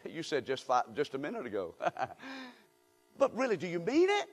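A male pastor preaching a sermon in a church, with call-and-response and rising shouts. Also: fairly high pitch, wildly swooping pitch, moderate pace, big-room sound. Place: church sanctuary.

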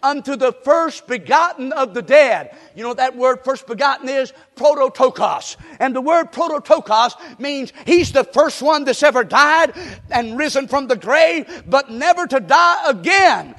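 Pastor guy w a really high voice preaching hard, lots of shouting, long echo like a big sanctuary. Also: animated, measured pace. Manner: fervent preaching, often breaking into shouts. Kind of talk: sermon. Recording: long reverb of a large hall.

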